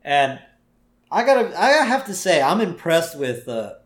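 A man's voice: on the high side, sing-song, a little slow. A man co-hosting a podcast, casually recapping a cartoon episode, laughing often and quoting lines. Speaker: podcast co-host. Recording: roomy echo.

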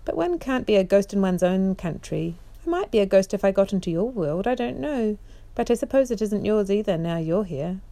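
A woman's voice: medium pitch, expressive, fairly quick, dark tone, natural voice. A woman voicing a bold, cheerful young king in a bedtime storybook reading, speaking in a raised, jovial way. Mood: hearty.

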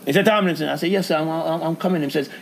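A man's voice: fairly high pitch, fairly even intonation, very fast, creaky, slight background noise. A man animatedly telling a story in casual chat, often laughing as he goes.

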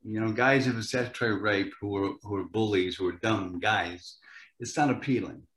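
An older actor telling animated stories in a casual interview, often repeating words as he starts a sentence. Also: on the low side, normal speed. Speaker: actor guest. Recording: roomy echo.

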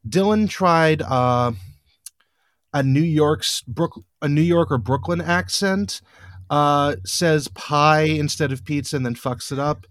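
A man's voice: fairly high pitch, takes it slowly, fairly bright tone, dry recording. Dry-sounding man rambling through a podcast recap. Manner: rambling, many fillers and restarts, wry. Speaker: podcast host.

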